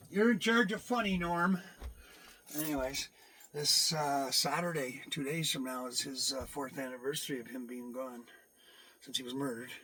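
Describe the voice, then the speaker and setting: A middle-aged Canadian man with a slightly high voice rambles casually into a handheld camera inside his RV. He coos at his cats and ends his thoughts with a Canadian "eh". A faint hiss sits behind him. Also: fairly bright tone. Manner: chatty, talks sweetly to his cats, trails off with "eh". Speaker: vlogger. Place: inside an RV near a wood stove.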